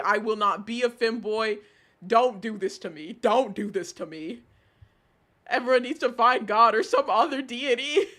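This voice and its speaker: A man on a live stream reads out chat messages and reacts to them in an animated, exasperated way, swearing freely. His voice has a bright, forward edge. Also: very high voice.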